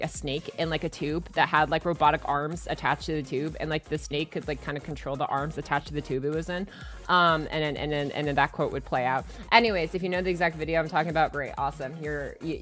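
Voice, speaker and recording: A young woman with a slightly low voice chats casually on a live stream, full of filler words and restarts. She sometimes jumps into loud, excited squeals. Soft game music plays faintly behind her. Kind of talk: casual chat reading stream chat.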